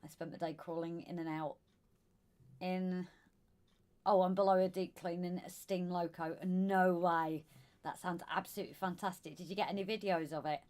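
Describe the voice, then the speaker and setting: A woman with a Southern English accent hosts a relaxed live stream, working through viewer comments and greeting regulars warmly by name. Her voice sits on the lower side and is wearing thin. She calls people darling and sweetheart. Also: moderate pace. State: losing her voice. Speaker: live stream co-host reading chat. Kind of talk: casual live stream chat.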